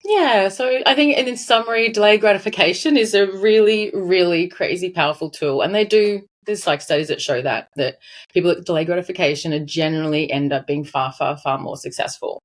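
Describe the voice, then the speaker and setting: A woman in her forties chatting as a podcast guest, her voice sitting a touch low for a woman. She talks with animated emphasis and laughs often as she tells her story. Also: brisk. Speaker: financial advisor guest. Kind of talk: casual interview chat.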